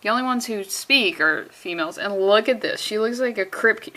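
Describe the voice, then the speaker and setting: A woman's voice: mid-range voice, lively intonation, normal speed, bright, forceful tone. A young woman giving a rambling, sarcastic comic book commentary with profane asides. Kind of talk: casual comedic commentary.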